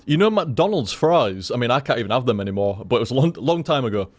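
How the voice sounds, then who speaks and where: A man's voice: mid-range voice, big pitch swings, quick pace. A young man chatting casually to his stream viewers, rambling and swearing with lots of restarts.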